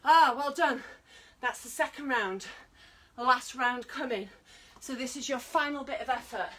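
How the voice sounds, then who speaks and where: A woman's voice: a little high, moderate pace, bright, forceful tone, far from the mic, a little hiss or hum, rough recording. A British woman leading an online exercise class, encouraging and counting down while working out herself and getting out of breath. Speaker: fitness instructor.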